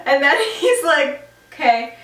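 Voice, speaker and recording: A woman's voice: sits high, unhurried, recorded from a distance. A young woman co-hosting a podcast, telling stories in casual chat with lots of swearing and laughter. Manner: animated storytelling, swears, laughs often. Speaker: podcast co-host. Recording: echoey room, voice off-mic.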